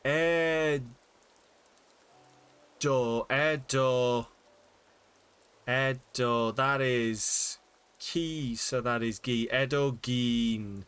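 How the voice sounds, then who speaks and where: A man's voice: mid-range voice, drawn-out words, long pauses, a bit bright, clear, resonant tone. A man streaming a game, chatting casually and thinking aloud as he sounds out Japanese words, with many fillers. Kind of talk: casual live-stream chat while reading Japanese.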